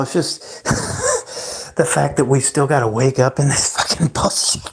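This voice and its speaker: A young man talks loosely on a solo livestream at a middling pitch. He rambles, sighs, swears freely and lets his sentences trail off. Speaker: livestream host.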